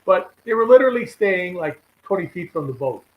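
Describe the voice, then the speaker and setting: A man's voice: high voice, big pitch swings, brisk, echoey room, lo-fi sound. A man, a regular guest on a live fishing show, telling rambling anecdotes full of quoted dialogue. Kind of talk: casual storytelling chat.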